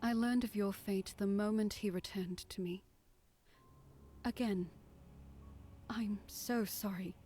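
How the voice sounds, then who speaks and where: A woman voicing a gentle, motherly goddess in whispered role-play, hushed and soothing. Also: medium pitch, steady tone, slow pace, pauses often, a little hiss or hum, pitched above the performer's own voice, close to an everyday voice. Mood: tender.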